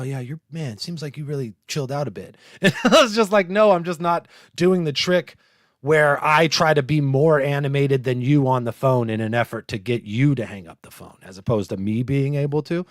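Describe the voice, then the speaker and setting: Brief: male podcast host, animated and profane, keeps breaking into laughter, dry close sound. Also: mid-range voice, dry recording. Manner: animated, laughing, swearing a lot. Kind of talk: live podcast chat.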